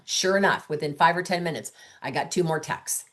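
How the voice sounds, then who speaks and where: A woman's voice: lowish voice, fairly quick, hardly any pauses, fairly bright tone. A middle-aged woman coaching direct sales consultants, telling chatty stories and acting out both sides of her phone calls and texts. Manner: chatty storytelling, quotes both sides of conversations. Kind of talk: training talk with acted-out dialogue.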